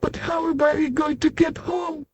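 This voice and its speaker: A man's voice: flat delivery, a little slow, darkish tone, slight background noise. Mister Small, a tiny fretful storybook man. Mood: worried. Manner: squeaky, urgent. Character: tiny anxious male storybook character.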